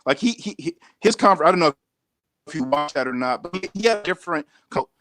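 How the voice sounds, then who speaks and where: Guy calling in, keeps stumbling over his words, bit higher pitched. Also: expressive, sharp tone, no room sound, faint music behind. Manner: halting, stammering, full of restarts. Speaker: caller. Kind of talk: call-in chat.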